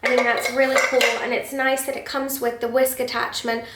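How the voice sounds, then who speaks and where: An enthusiastic woman reviews a kitchen chopper, chatting casually with the odd filler. Her voice sits a little high and sounds slightly distant from the mic. The room adds a noticeable echo. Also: level tone, fairly quick, fairly bright tone. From United Kingdom. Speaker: food photographer reviewing a kitchen gadget.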